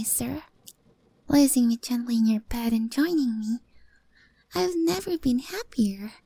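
A young woman voicing an affectionate, devoted cat girl in a whispered role-play, speaking softly and breathily with little meows. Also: high voice, dry recording, heavily acted. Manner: soft, breathy, adoring, meows between lines.

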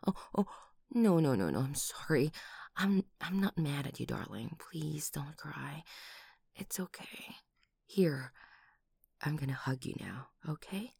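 A woman voicing a doting, protective lover who kills for her partner, in a whispered role-play with breathy whispers and sudden loud outbursts, close to the microphone. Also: deep voice, very animated, measured pace, no room sound, full character voice. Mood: doting worried.

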